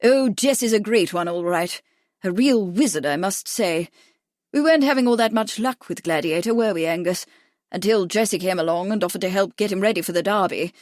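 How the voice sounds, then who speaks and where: A woman voicing a jaunty, cheerful gentleman who chatters brightly, in an audiobook. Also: medium pitch, brisk, dry recording, studio quality, lightly acted. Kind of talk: audiobook character voice.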